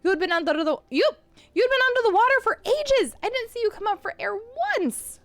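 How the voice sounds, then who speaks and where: A woman voicing a young female scientist who scolds urgently and loudly. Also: high voice, lively intonation, fairly quick, dry recording, soft background music, pitched above the performer's own voice. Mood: panicked.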